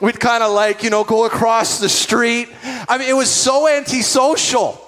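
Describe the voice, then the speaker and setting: Middle-aged man, pastor, casual storytelling sermon, higher-pitched voice, church hall reverb. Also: normal speed. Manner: conversational, animated storytelling with asides.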